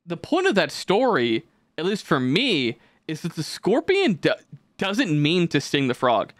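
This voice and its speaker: A man's voice: fairly high pitch, wildly swooping pitch, unhurried, dry recording, studio quality. A man co-hosting a podcast, rambling casually with lots of swearing and fillers. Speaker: podcast co-host.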